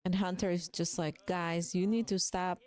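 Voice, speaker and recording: A woman's voice: lowish voice, flat delivery, moderate pace, a little mellow. A young adult woman hosting a gaming video, giving chatty, playful, gossipy commentary into a close mic. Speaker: gaming channel host. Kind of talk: casual game commentary.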